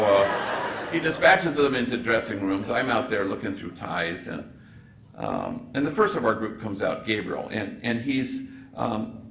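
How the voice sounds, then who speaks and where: Priest, keynote storyteller, gravelly voice, roomy hall sound. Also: male voice, on the low side. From Los Angeles. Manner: animated storyteller acting out dialogue, playful asides. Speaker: priest giving a keynote address. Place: large event hall. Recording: echoey hall recording with faint noise.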